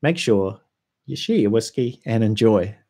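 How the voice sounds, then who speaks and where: A young man with a New Zealand accent, hosting a casual livestream and chatting through viewer comments in a relaxed way with frequent ums. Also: on the low side, measured pace. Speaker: whisky YouTuber hosting a livestream.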